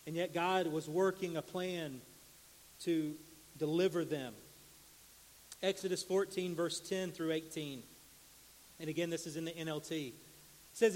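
A man preaching a sermon, walking through Bible stories and reading scripture aloud with animated emphasis. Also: in a large hall. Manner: animated reading of scripture, rises in pitch and volume for quoted cries.

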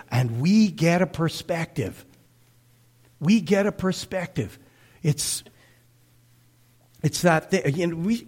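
A middle-aged man preaching a sermon to his congregation, talking conversationally, with animated swells and hushed moments. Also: a little high. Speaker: pastor.

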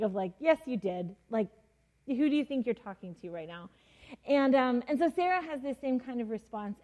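Woman, casual Bible teaching, mellow voice, chatty with fillers, acts out quotes. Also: a little high, low-quality recording.

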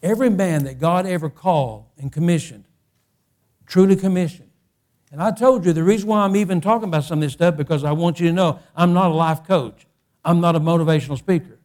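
This man is a pastor delivering a sermon, his voice on the high side and his pace fairly quick. He keeps repeating and restarting phrases as he rises to loud, impassioned climaxes.

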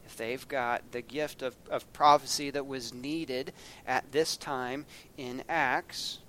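A man's voice: mid-range voice, fairly even intonation, slow, pushed and bright. A man preaching a sermon, folksy and storytelling, acting out scenes with a raised voice.

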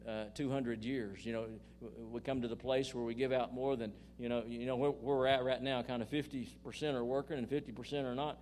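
A man's voice: mid-range voice, darkish tone, slight background noise. An older man preaching a sermon, reading scripture with emphasis and making folksy asides to his congregation. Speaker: pastor.

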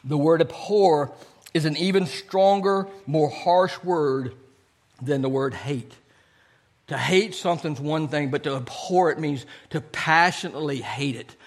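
A man's voice: a little high, moderate pace. A man preaching a sermon to his congregation, earnest and repetitive, often asking "Amen?". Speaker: pastor.

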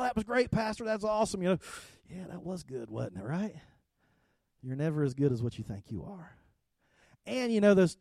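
A middle-aged man, a pastor, preaching a conversational sermon that restarts words often and swings between soft and loud. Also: a little high, dry recording. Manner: conversational preaching with repeated starts and swings in loudness.

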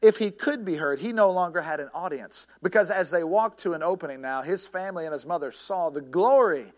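A man preaches a sermon in an earnest, searching way, pausing often, restarting phrases and filling gaps with small fillers. His voice sits a little high for a man. When he tells a story it sometimes climbs to a shout. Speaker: pastor.

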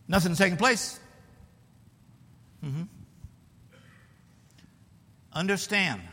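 A man preaching a sermon in a high, lively voice that swings up into bold declarations and drops into teasing asides. His tone is very bright and cutting. The sound rings with a long church-hall reverb.

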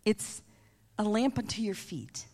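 A middle-aged woman giving a preached testimony, animated, moving between emphatic lines and hushed ones. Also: medium pitch, measured pace. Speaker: church staff member giving testimony. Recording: long reverb of a large hall.

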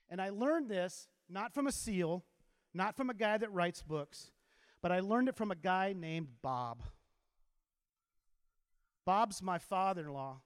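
A man with a notably high voice gives an animated, story-driven motivational talk to a crowd, drawing them in to repeat his lines. His voice rings with a long reverb from a large hall. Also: clear, resonant tone. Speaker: teacher giving a motivational talk. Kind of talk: inspirational talk to a live audience.

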